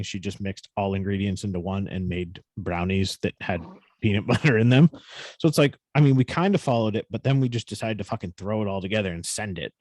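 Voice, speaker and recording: A man's voice: lowish voice, darkish tone, no echo. A man co-hosting a podcast, telling a story in casual, profane chat with a New England accent. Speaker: podcast co-host.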